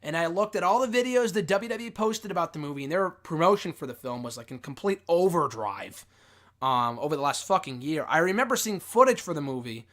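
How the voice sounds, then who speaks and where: Animated, bright-voiced man rambling. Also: a little high, fairly quick. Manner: rambling, profane, lots of fillers and restarts. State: recovering from a cold. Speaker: wrestling show host reviewing a film. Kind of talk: casual spoken review.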